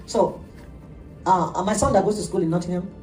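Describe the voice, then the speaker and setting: A middle-aged woman pastor preaching an animated sermon, laughing often as she tells stories. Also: lowish voice, brisk, soft background music. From Nigeria. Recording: echoey room, heard from a distance.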